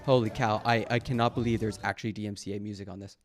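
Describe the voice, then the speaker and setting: A man's voice: fairly low pitch, flat delivery, racing, faint music behind. Sarcastic male streamer mocking the news. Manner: sarcastic and mocking, talks back to a chat; reads posts aloud, then mocks them. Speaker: live streamer reacting to news posts. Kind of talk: casual live-stream commentary.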